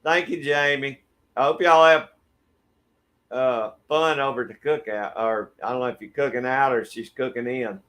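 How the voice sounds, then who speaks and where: A middle-aged man from Georgia with a Southern accent, hosting a relaxed livestream and greeting viewers by name. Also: medium pitch, normal speed. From Georgia, USA. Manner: friendly, laid-back, greets viewers by name. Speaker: livestream host. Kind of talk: casual chat reading viewer comments. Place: backyard shed.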